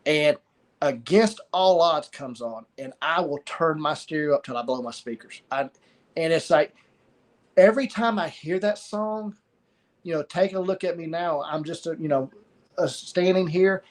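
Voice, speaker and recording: A middle-aged man with a somewhat high voice tells a personal story of loss. He speaks haltingly, pausing often and starting phrases over. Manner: halting, pauses and repeats words. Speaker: guest sharing a story of loss.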